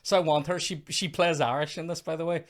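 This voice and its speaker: A man's voice: a little high, fairly even intonation, fast talker. A man hosting a comedy podcast, ranting in mock outrage and casual chat about a film.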